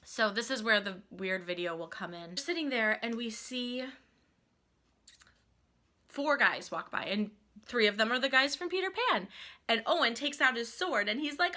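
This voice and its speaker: A woman vlogger casually telling a family trip story, gushing and animated, saying "like" constantly. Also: a little high, normal speed. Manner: animated and gushing, heavy use of "like".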